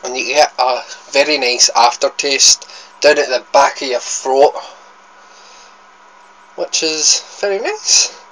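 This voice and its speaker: A man's voice: medium pitch, animated, takes it slowly, pauses often, fairly bright tone, low-quality recording. A young Scottish man with a Scottish accent, chatting casually as he tastes sweets on his food vlog, rambling and correcting himself as he goes. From Scotland. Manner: rambling, chatty, self-interrupting. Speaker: food vlogger.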